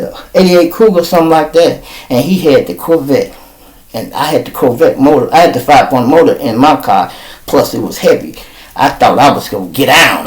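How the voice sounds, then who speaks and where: A man tells an old street story with lively, profane energy. He keeps turning to his listeners with y'all, and his voice sits at an ordinary middle pitch for a man. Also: low-quality recording. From Chicago. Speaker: storyteller host.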